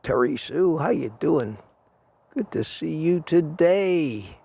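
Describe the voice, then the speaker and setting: A man's voice: a little high, lively intonation, slow, vocal fry, dark tone, breathy edge, dull audio. An older man hosting a casual livestream, reading the chat aloud and thanking viewers in a rambling, friendly way. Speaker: livestream host. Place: home desk at a computer.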